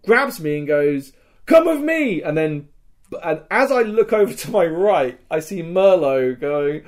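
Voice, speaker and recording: A man, a podcast host telling a live-action role-play story in casual chat, swearing, laughing and acting out shouts. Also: a little high, lively intonation, measured pace. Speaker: podcast host recounting a LARP event.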